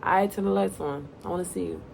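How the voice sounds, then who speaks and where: A woman's voice: fairly low pitch, very animated, fast, creaky, a little hiss or hum, exaggerated voice. A woman doing a cocky teasing young guy. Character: playful young man gamer, cocky and teasing.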